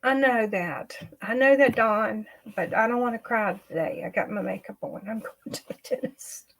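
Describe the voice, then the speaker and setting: A woman, talking into a computer mic on her own livestream. Her voice sits a bit high, and her speech halts, repeats and trails off as she opens up about her life. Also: vocal fry, fairly bright tone, poor audio. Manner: halting, repeats herself, trails off. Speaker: livestream host. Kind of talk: emotional personal livestream chat.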